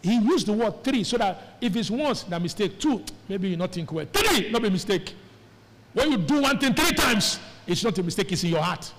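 A man preaching a sermon as pastor, animated and calling on the congregation to answer him. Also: sits high, moderate pace, a little hiss or hum. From Nigeria. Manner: animated, calls on the congregation to respond. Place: church hall. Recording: echoey church hall.

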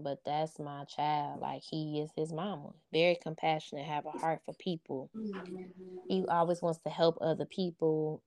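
Earnest woman with a low, mellow voice. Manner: earnest, heartfelt and informal, with frequent "you know what I'm saying". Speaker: interview guest, single mother of sons. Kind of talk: casual heartfelt interview chat.

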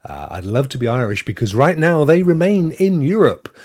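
English male stream host, jokey and chatty, fairly high, husky, very lively intonation. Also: normal speed. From England. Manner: joking, laughs often, greets viewers. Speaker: livestream host. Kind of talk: casual live-stream chat.

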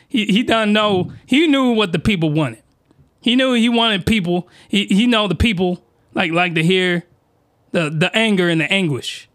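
A man with a high voice talks straight into a close desk mic, hosting his own solo podcast. He rants in slangy, excitable bursts and sometimes shouts when he gets worked up. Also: normal speed. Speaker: podcast host reviewing anime. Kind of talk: animated solo podcast rant. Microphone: desk microphone, close.

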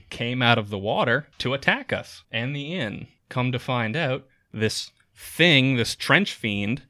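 A man running a tabletop game as game master, narrating the scene in a lively storytelling manner. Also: mid-range voice, no echo, studio quality.

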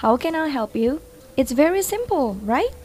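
A woman's voice: sits high, sing-song, normal speed, a little mellow. A woman with an Indonesian accent playing a helpful young office receptionist, patiently explaining phone manners. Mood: instructive. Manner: patient, instructive. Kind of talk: scripted educational role-play.

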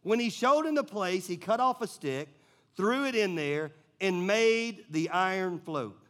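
A man with a notably high speaking voice delivers a sermon. He talks loosely and conversationally, full of "like" and restarts, as if chatting with friends while preaching. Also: lively intonation, unhurried, fairly bright tone. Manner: casual, conversational storytelling with many fillers. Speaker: pastor.

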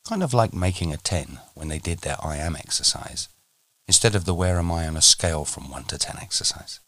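A man teaching on a podcast, speaking in a measured, deliberate way and slowing down for emphasis. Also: low voice, expressive, fairly bright tone, no echo. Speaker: meditation teacher.

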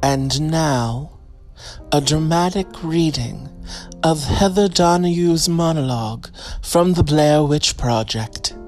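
A woman's voice: deep voice, slow, a little mellow, soft background music. A woman podcast host talking casually and at length, filling with ums, recording in her parked car on a phone. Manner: rambling, chatty, filler-heavy. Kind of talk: casual solo update.

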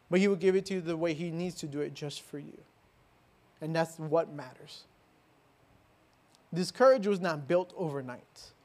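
A man preaching a sermon as a pastor, with emphatic repetition and rhetorical questions, swinging between loud declarations and soft, hushed lines. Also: high voice.

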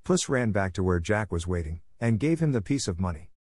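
A man's voice: on the low side, a little fast, no room sound, studio quality. Man reading a fairy tale aloud. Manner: steady, even storytelling. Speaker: narrator. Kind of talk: scripted audiobook narration.

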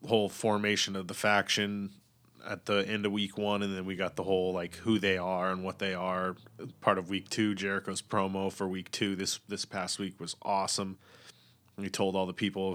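A man's voice: low-pitched, fairly bright tone. A man chatting casually and at length, blunt and opinionated, swearing freely and rambling with lots of fillers and restarts.

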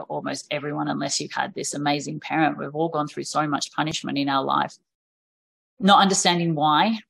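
Animated woman telling candid stories. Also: deep voice, creaky. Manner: animated, acts out quoted voices of parents and children; frank, swears casually. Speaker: podcast guest. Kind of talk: candid conversational storytelling.

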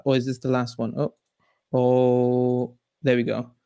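A man hosting a casual podcast interview, easygoing and chuckling, often stumbling into quick restarts. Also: medium pitch, monotone, dark tone, clear, resonant tone, no room sound, studio quality. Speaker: podcast host.

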